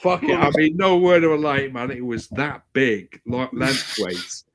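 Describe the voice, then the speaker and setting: A man's voice: mid-range voice, a little slow, a crowd in the background. A man hosting a stream, telling crude anecdotes with lots of swearing in casual chat. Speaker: stream host.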